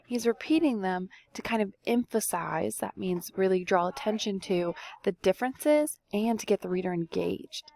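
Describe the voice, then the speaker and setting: A woman's voice: medium pitch, normal speed, creaky, hardly any pauses, a little mellow. A young woman teacher reading a folk tale aloud expressively and stopping to ask the listeners questions. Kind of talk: read-aloud storytelling lesson.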